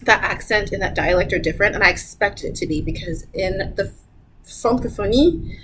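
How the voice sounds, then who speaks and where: A woman talking casually to camera with travel advice. She is chatty, laughs often and jumps up in pitch when she mimics people. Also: normal speed, fairly bright tone, a little hiss or hum, rough recording. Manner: chatty, laughs often, repeats "I'm gonna tell you right now".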